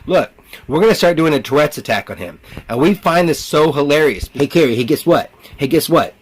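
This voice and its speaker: A man voicing a mocking male tormentor who talks about him in the third person, in excited, jeering bursts. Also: fairly high pitch, a little fast, husky, pitched above the performer's own voice. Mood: taunting.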